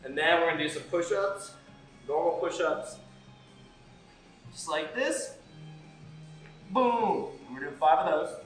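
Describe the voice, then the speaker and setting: A man's voice: a little high, lively intonation, unhurried, long pauses. A man coaching a workout on a live stream, explaining exercises and counting reps with upbeat encouragement. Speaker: fitness coach. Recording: echoey room, far from the mic, faint music.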